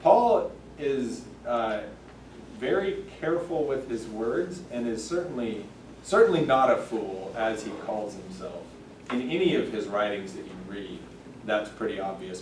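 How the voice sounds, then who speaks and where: A man teaching a church Sunday school class, thoughtful and halting, with many fillers and restarts. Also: on the low side, slight background noise. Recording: echoey room, mic far off.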